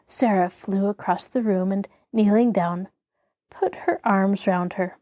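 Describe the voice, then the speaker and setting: A woman's voice: mid-range voice, no room sound, studio quality. Woman reading a classic novel aloud. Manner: measured, expressive reading. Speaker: host and audiobook narrator. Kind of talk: scripted narration of a classic novel.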